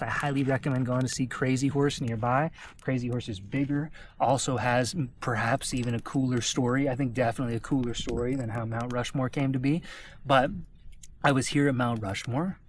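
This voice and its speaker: An American man, a travel vlogger, telling a personal story to camera in an animated way and often checking in with his listeners. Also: medium pitch, moderate pace, slight background noise. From United States.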